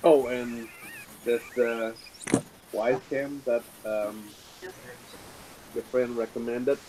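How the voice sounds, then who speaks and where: A man in a casual chat who speaks hesitantly, with many pauses and fillers. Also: mid-range voice, steady tone, warm tone, low-quality recording. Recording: hissy background noise.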